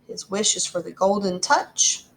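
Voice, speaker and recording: A woman's voice: mid-range voice, unhurried. A woman teacher reading a storybook aloud and explaining it to her class in a chatty way. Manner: chatty, explanatory, frequent ums.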